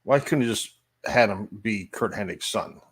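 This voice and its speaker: A man's voice: lowish voice, normal speed, a bit bright, husky. Man chiming in on a podcast. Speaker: podcast co-host. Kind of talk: casual wrestling podcast chat.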